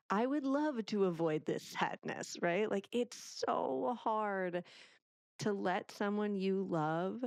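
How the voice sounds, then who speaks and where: A parenting author guests on a podcast in a casual interview conversation, animatedly acting out the people in her stories. Her voice is mid-range with vocal fry, and she speaks slowly. The studio-quality recording has no echo.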